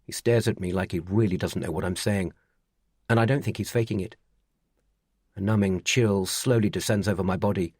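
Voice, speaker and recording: Deep-voiced male audiobook narrator. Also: normal speed, darkish tone, slightly rough, no room sound, clean studio sound. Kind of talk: scripted first-person audiobook narration.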